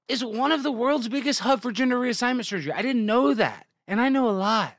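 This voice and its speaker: A young man from Texas hosting a comedic news show, reading headlines and mocking them with sarcastic, excitable riffs. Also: very high voice, brisk, few pauses, no room sound, studio quality. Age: young adult. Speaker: podcast host.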